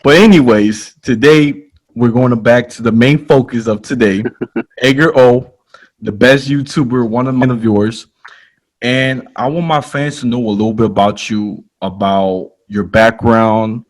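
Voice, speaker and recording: A man's voice: mid-range voice, measured pace. Hype, playful man hosting a podcast. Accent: Chicago. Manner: playful, hype storytelling with laughs and slang. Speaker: podcast host. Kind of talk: casual podcast chat.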